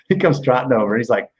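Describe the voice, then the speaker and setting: A middle-pitched man in his forties tells loose, profane stories and laughs his way through them. The casual chat audio sounds somewhat dull and lo-fi. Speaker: guest, former pro wrestler.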